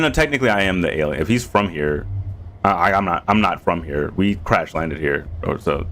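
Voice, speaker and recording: A man's voice: lowish voice, a little hiss or hum. A man streaming a game, reading its narration aloud with casual asides.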